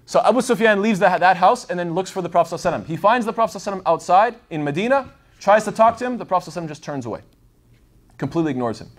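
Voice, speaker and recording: Man, relaxed religious lesson, digressive with lots of fillers, brisk pace. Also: sits high. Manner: digressive, thinks aloud with many fillers. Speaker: Islamic lecturer. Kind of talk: casual explanatory talk.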